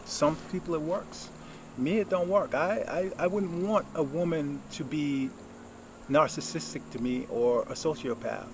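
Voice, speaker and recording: A man's voice: on the high side, unhurried, noisy background. A man giving casual life advice in a rambling, reflective monologue with lots of fillers.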